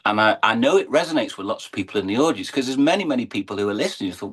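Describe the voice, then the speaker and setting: English guy talking about his shows, kinda husky and low, gets earnest and emotional. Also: expressive, rapid-fire, few pauses, fairly bright tone. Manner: earnest, emotional, building to uplifting emphasis. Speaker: interview guest, horse and falcon showman. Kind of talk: conversational interview storytelling.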